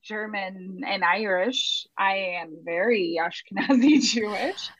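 A woman from Canada speaking as a podcast guest in casual chat, halting and full of ums. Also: mid-range voice, a bit bright, lo-fi sound. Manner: halting, many ums and uhs, laughs often.

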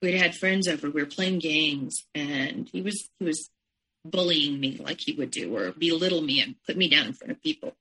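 Husky-voiced woman telling a painful story. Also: sits low, sharp tone, poor audio. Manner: halting, emotional, with restarts and frequent "you know". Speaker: interview guest. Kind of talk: personal storytelling in conversation.

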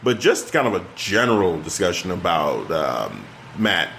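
A man co-hosting a casual chat, talking with excited, rambling enthusiasm and frequent restarts. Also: low-pitched, a little slow, gravelly, a little hiss or hum. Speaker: podcast co-host.

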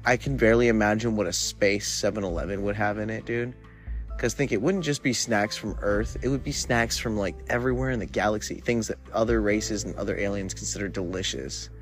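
A young man with a low voice hosts his own podcast, rambling loosely from one thought to the next while stoned. His talk is casual and full of filler words. Faint music plays underneath. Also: a little fast. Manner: rambling and laid-back, heavy on filler words. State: high from smoking weed. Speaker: podcast host. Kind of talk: casual solo podcast monologue.

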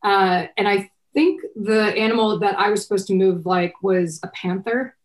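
A woman's voice: medium pitch, steady tone, normal speed. A middle-aged woman from Texas, an actress chatting casually in an interview, rambling with many restarts and fillers. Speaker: actress guest.

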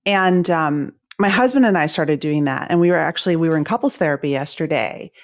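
A woman hosting a conversational interview, candid and personal with quick interjections. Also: deep voice. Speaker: host.

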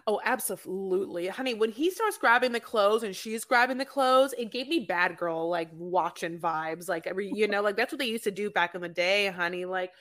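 A woman's voice: mid-range voice, brisk, few pauses, fairly bright tone. A woman co-hosting a podcast, recapping a reality show in gossipy, profane casual chat and calling people "honey". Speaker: podcast co-host.

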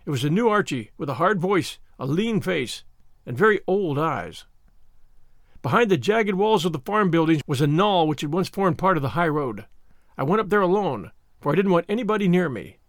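A man narrating a novel in the first person, measured and earnest. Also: fairly high pitch, animated, dry recording, clean studio sound. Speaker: audiobook narrator. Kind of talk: scripted narration.

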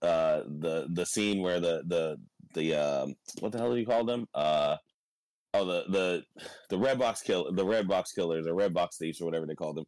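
Hoarse young man, rambling podcast chat. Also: low voice, normal speed, no room sound. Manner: rambling, laughs often, swears, animated retelling. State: voice nearly gone. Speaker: podcast co-host. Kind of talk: casual chat.

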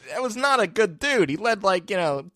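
A man hosting a trivia podcast, chatting loosely and cracking jokes as he goes. His pitch swings widely and he laughs easily. The sound is dry and close to the mic. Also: normal speed, no room sound. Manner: joking, animated, laughs often. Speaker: podcast host. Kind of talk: casual trivia chat.

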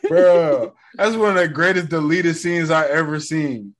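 A young man in casual chat, animated and slangy, acting out lines in voices. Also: on the high side, a little slow.

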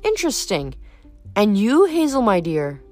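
A woman's voice: mid-range voice, huge pitch swings, a little slow, darkish tone, faint music behind. A woman reading aloud, voicing a scornful, cackling goddess of revenge. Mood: sly. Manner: sneering, haughty.

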